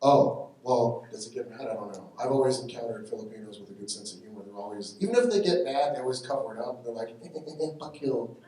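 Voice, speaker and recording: An American man performs stand-up at a live benefit show, telling punchy, irreverent stories. His mid-range voice is expressive and a little fast, recorded from far off in an echoey hall with faint noise.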